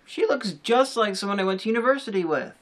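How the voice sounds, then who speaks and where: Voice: medium pitch, lively intonation, quick pace. Blunt, scornful co-reviewer with a mid-range voice, casual chat.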